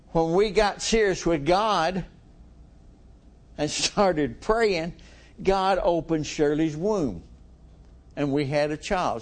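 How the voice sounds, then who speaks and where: A middle-aged male preacher giving a folksy, conversational sermon, chuckling often and asking the congregation questions. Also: on the high side.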